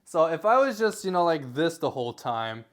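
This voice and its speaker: A young man records himself in an indoor room, casually giving tips to the camera facing him in a talking-head advice vlog. His voice is on the high side and moderately paced, and he rambles and corrects himself, his lively delivery growing louder and softer as he gestures with his hands.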